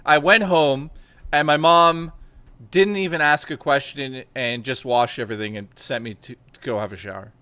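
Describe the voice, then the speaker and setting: Young man, crude animated storyteller, bright tone, dry recording. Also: mid-range voice, moderate pace, smooth, no room sound. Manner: crude, animated storytelling with lots of swearing and laughter. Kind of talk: casual chat.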